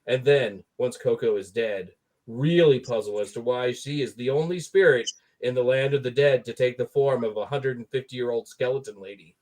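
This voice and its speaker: A man with a middle-pitched, ordinary voice reads a comedy movie review aloud. He sounds sarcastic and mock-exasperated throughout, pushing his complaints as jokes. Nothing stands out about the recording. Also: moderate pace, darkish tone, slight background noise.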